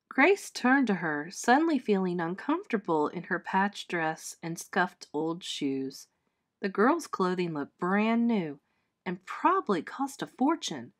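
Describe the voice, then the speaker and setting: A woman teacher reading a children's chapter book aloud with clear, expressive storytelling. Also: lowish voice, measured pace.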